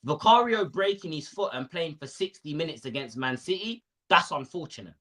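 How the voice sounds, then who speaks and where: A man's voice: on the high side, animated, moderate pace, sharp tone. A young man, ranting animatedly in casual football chat on a panel show.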